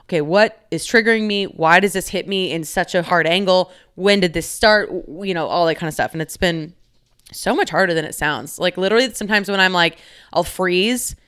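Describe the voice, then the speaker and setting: A woman's voice: lowish voice, a little fast, fairly bright tone, smooth. A young adult woman hosting a casual solo podcast, talking candidly in a rambling way, with many fillers and free swearing. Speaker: podcast host.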